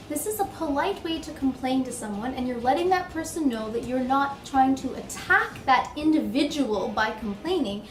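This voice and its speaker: A woman's voice: sits high, echoey room, poor audio. A woman teaching polite ways to complain in English, acting out example complaints expressively. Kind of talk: scripted lesson with acted examples.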